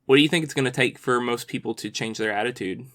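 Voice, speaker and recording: A man's voice: mid-range voice, fast talker, fairly bright tone. A man hosting a casual podcast, asking loose questions and nodding along with short replies. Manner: brief affirming interjections, loose questions. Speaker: podcast host.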